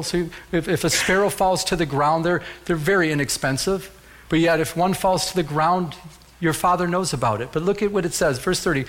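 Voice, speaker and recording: A man's voice: fairly high pitch, a little fast, fairly bright tone, slight background noise. A middle-aged man preaching a sermon as pastor, telling a personal story and rising to fervent calls to the congregation.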